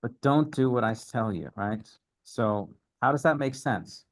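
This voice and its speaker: A man talks through a Bible study in a relaxed, unscripted way. He pauses often, restarts his sentences and fills gaps with small hesitations. His pitch sits in the ordinary middle range for a man. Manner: thoughtful, halting, many fillers. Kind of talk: casual teaching talk.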